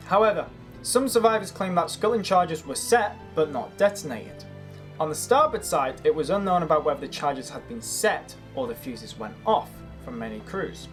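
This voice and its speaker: A channel host reading a scripted history narration, earnestly building an argument point by point. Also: medium pitch. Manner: earnest, argumentative, making a case. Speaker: history video creator.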